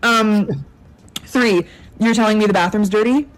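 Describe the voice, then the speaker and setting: A restaurant server in a casual rant, listing customer complaints sarcastically and deadpan. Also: mid-range voice, measured pace, slight background noise, rough recording. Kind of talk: casual ranting vlog.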